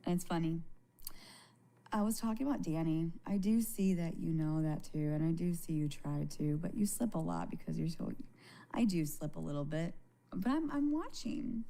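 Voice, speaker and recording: A woman talking casually to viewers on a live stream, candid and halting, swearing freely and often restarting her sentences. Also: deep voice, vocal fry, mellow. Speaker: livestreamer.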